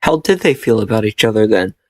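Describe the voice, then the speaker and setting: A man's voice: lowish voice, expressive, brisk. A man reading a fan fiction aloud and mocking it with sarcastic, profane, exasperated asides. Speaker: reader and commentator.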